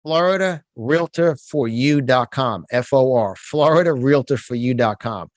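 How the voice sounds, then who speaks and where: With a medium pitch and a slightly slow delivery, free of room sound, a middle-aged New Yorker speaks as an interview guest. He's a motivational speaker and business coach whose passionate conversational style is emphatic and fired up, with frequent restarts of his words.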